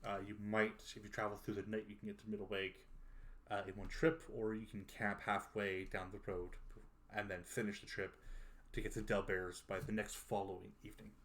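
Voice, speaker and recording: A man narrating as game master of a tabletop game, unhurried and pausing often on fillers. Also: on the low side, level tone, a bit bright. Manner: unhurried, many filler pauses.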